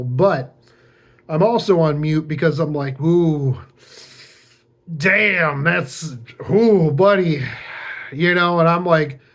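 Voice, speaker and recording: Slow-talking young man, rambling story. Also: a little high. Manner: rambling, lots of fillers and restarts; wry, sarcastic asides. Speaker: vlogger. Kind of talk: casual storytelling.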